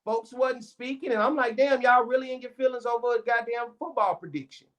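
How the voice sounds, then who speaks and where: A man, co-hosting a casual sports talk show and ranting boastfully with an animated delivery. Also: very high voice, a little fast, dull audio. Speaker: co-host.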